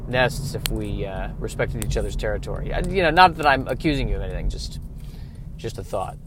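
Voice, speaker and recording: A man's voice: lowish voice, animated, a little fast, background noise, natural voice. A man voicing a fussy little bird that apologizes too much and backpedals sheepishly, in a comedic bit.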